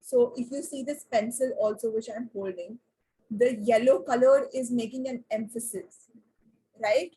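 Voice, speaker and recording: A woman teaching an online class, often asking the class questions and pausing with fillers. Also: a little high, steady tone, warm tone, slightly rough, poor audio.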